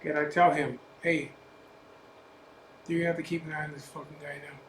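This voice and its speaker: A man's voice: a little high, flat delivery, very fast, a bit bright. A man telling a personal story in a blunt, profane, emphatic way, casual storytelling style as a biker vlogger. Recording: echoey room with faint ambient noise.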